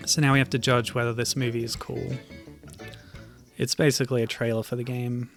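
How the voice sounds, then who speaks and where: A man streaming and commenting on old web games, talking in a hesitant, halting way with many fillers and sometimes reading the game text aloud. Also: medium pitch, flat delivery, soft background music. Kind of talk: casual gameplay commentary.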